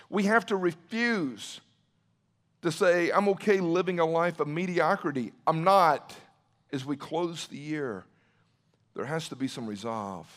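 A male pastor preaching with fervent, repetitive emphasis. He builds to emphatic near-shouting and turns to address people by name. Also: high-pitched. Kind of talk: impassioned preaching talk.

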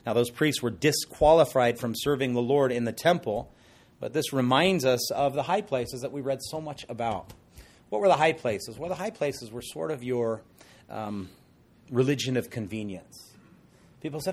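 A man's voice: medium pitch, normal speed. Conversational middle-aged male pastor. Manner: conversational, animated, jokey asides. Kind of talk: expository sermon.

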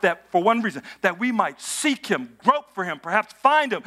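A man's voice: high voice, lively intonation, normal speed, hardly any pauses. A man preaching a sermon to a congregation, telling travel stories, asking the crowd questions and building to bursts of praise. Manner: storytelling with audience call-and-response, rising to shouts of praise. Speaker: pastor. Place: church auditorium with congregation.

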